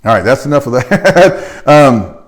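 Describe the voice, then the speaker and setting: A man's voice: medium pitch, sing-song, measured pace. Blunt, emphatic middle-aged man. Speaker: chiropractor and practice coach. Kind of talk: motivational talk.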